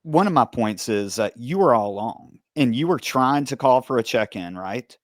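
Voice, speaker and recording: A man's voice: mid-range voice, lively intonation, moderate pace, dry recording, studio quality. An American man, a former police officer, hosting a podcast and steadily guiding the interview with questions and his own account. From United States. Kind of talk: interview conversation.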